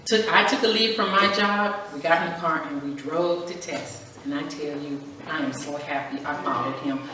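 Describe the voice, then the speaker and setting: A middle-aged woman from California, a guest speaker at a women's church breakfast, giving an animated personal testimony. She acts out dialogue and laughs often as she tells her story, heard from a distance in a church hall. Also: deep voice, moderate pace. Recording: echoey church hall from far off, faint background hiss.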